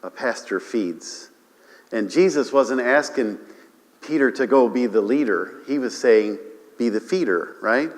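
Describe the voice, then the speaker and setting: A man preaching a sermon to his congregation, animated, often repeating himself and calling for amens. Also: mid-range voice, measured pace, in a large hall. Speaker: pastor. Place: church sanctuary.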